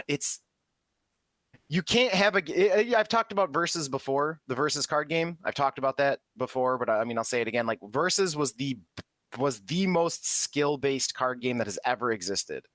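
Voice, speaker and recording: A man co-hosts a casual podcast chat, blunt and opinionated, swearing freely. His voice sits at a middling pitch. The sound is close and dry, from a podcast mic. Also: lively intonation, normal speed, a bit bright, dry recording. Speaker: podcast co-host.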